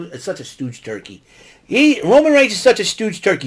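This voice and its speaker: A man with a somewhat high voice hosts a casual solo recap of wrestling. He rambles through his notes with fillers and restarts and gets excitable, talking straight back to the wrestlers he describes. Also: a little fast. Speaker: podcast host recapping wrestling.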